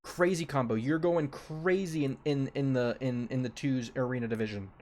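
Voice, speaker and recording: A man's voice: mid-range voice, normal speed, a little mellow. A young man giving casual commentary as a streamer ranking a tier list, offhand and loose, often repeating his own phrases.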